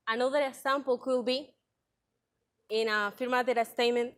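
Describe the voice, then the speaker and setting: A woman's voice: on the high side, steady tone, a little fast, a bit bright, poor audio. Young woman explaining grammar to a class. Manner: careful and explanatory, reading example sentences aloud. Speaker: student presenter. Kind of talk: class presentation.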